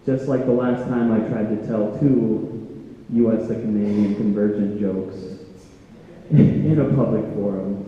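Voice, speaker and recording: A male stand-up comedian tells a story on stage, slow, lively in pitch, and quick to poke fun at himself. His voice sounds warm and dark. The recording is dull and lo-fi, with a roomy hall echo all around him. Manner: self-deprecating, acts out border guards in loud put-on voices. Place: arts center stage.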